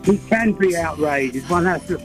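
A man's voice: a little high, moderate pace, music in the background, poor audio. Rambling older man, slightly slurred. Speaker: phone-in caller. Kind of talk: casual chat.

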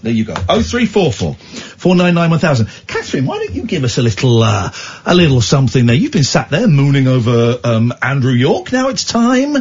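Giggly, animated English radio host man. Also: medium pitch, fairly quick, slightly rough, lo-fi sound. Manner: animated, giggly, self-mocking. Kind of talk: late-night radio chat.

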